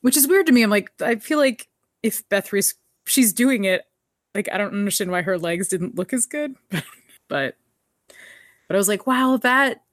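A woman's voice: medium pitch, animated, normal speed, dry recording, clean studio sound. Chatty woman recapping an episode. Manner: chatty, laughs often, quotes characters. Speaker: podcast co-host. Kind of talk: casual recap chat.

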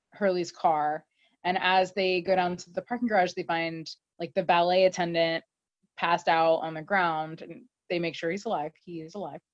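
A woman casually recapping an episode, telling it in an animated way with lots of "like" and laughter. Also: medium pitch, dry recording. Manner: animated storytelling with many fillers and laughs. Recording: dull, slightly muffled dry audio.

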